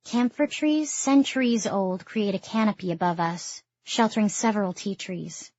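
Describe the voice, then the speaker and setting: A woman reading a first-person audiobook in a steady storytelling manner. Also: medium pitch, moderate pace, no echo. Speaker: audiobook narrator. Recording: dull lo-fi dry recording.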